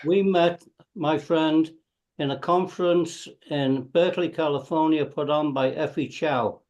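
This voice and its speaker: A man's voice: a little high, fairly even intonation, unhurried, darkish tone, muffled recording. Jovial man with a Scouse accent. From Liverpool, England. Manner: jovial, toasting. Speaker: participant. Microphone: video call.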